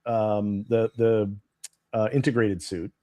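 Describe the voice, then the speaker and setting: A man's voice: fairly low pitch, little pitch movement, takes it slowly, muffled recording. A man co-hosting a laid-back chat, talking in a hesitant, rambling way and restarting his sentences often. The sound is dry and close, with no room echo. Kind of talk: casual chat.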